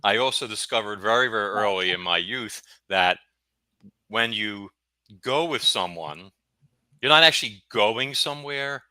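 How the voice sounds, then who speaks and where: A man's voice: fairly low pitch, unhurried, sharp tone, smooth, dry recording, poor audio. A man with a Brooklyn accent, a guest author chatting and telling stories animatedly, often stammering and repeating words. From Brooklyn, New York. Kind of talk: casual storytelling chat.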